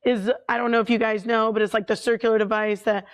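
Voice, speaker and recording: A woman with a fairly high voice, a paranormal investigator guest telling a story. She talks casually and animatedly, with plenty of filler words. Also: flat delivery, fast.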